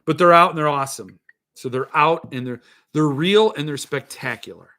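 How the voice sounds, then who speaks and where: A man's voice: on the high side, moderate pace, pushed and bright. A middle-aged man hosting a casual solo podcast, reading out chat comments and ranting in exasperation. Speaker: podcast host.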